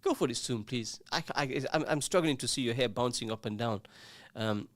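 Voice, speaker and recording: On a studio microphone in a radio studio, an Englishman runs a casual show, teasing his co-host, chatting and reading messages from listeners. He speaks at a moderate pace with a medium pitch, and there's no echo.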